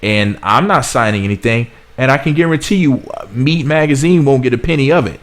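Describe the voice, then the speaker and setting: A man's voice: mid-range voice, fairly quick. A man from the United States delivering blunt, sarcastic political commentary as a vlog host, often repeating himself. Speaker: commentary vlogger.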